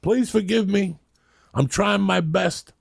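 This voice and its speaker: A man's voice: sits high, slow, vocal fry, no room sound, clean studio sound. A man in his fifties telling rambling, profane stories in a casual podcast chat. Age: 50s. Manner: rambling, profane, laughing storyteller. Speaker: podcast host.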